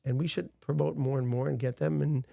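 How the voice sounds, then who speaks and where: A man's voice: a little high, fairly even intonation, fairly quick, vocal fry, mellow, no room sound. A middle-aged man, a guest in an interview, telling stories earnestly with frequent restarts. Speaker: guest, founder of a rescue organization. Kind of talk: casual interview talk.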